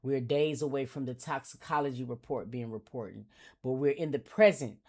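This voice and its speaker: Brief: male streamer, slangy, profane, animated case commentary. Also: mid-range voice, moderate pace. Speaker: livestream host. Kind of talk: casual commentary on a news case.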